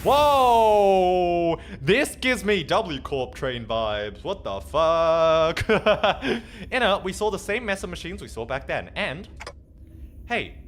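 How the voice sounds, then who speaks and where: A man's voice: high-pitched, fairly bright tone, a little hiss or hum. A man hosting a casual game stream, chatting with viewers, joking, and reading the story dialogue aloud.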